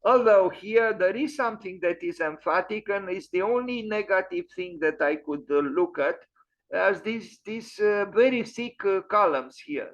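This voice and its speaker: High-voiced man lecturing, halting. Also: lively intonation. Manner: hesitant, many fillers and restarts. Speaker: architecture lecturer and host. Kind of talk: online lecture on architecture. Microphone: video call. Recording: dull lo-fi online audio.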